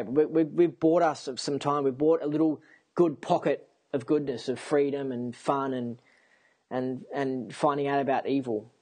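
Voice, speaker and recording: A man talking to camera in a rambling personal monologue, excitable and often repeating himself. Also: on the high side, slightly rough. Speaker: vlogger.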